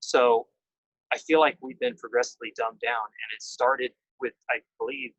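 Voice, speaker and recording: A man in casual conversation, eager and rambling as he throws out his own theories, with a middle pitch and the odd curse. The sound is dry and close. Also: normal speed, dry recording, muffled recording. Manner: excited, rambling, drops casual swearing. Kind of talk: casual group chat.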